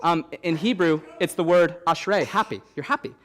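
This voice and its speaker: A young man preaching a sermon as young adults pastor, animated and repeating key phrases for emphasis, with light joking asides. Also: on the high side, moderate pace. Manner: joking asides, stops to soothe a baby.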